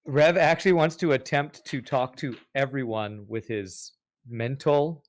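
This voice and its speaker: A man's voice: medium pitch, unhurried, dry recording, studio quality. A man playing a tabletop game, talking casually and hesitantly with many restarts. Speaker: player.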